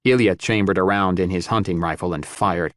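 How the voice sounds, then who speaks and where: A man narrating a post-apocalyptic audiobook in a steady, measured, grim way. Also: deep voice, no room sound, clean studio sound. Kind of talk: scripted narration.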